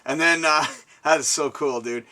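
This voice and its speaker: A man hosting a casual interview at a guest's home, excitable and rambling, laughing often, recorded from a distance. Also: on the high side, normal speed. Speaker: show host. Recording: distant mic, faint room ambience.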